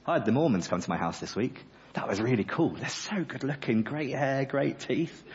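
A pastor preaches in church with earnest passion, mixing in humorous asides. His mid-range voice is animated and brisk, captured in dull lo-fi sermon audio.

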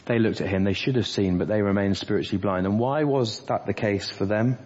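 A man's voice: fairly low pitch, a little fast, a little mellow, slightly rough. A man preaching an earnest sermon in a church, walking through scripture verse by verse. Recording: dull lo-fi church audio with long reverb.

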